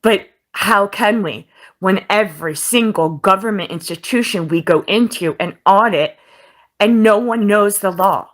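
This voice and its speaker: A woman's voice: mid-range voice, a little slow. A woman venting to her viewers, frustrated and holding back tears. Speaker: video auditor. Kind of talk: vlog clip.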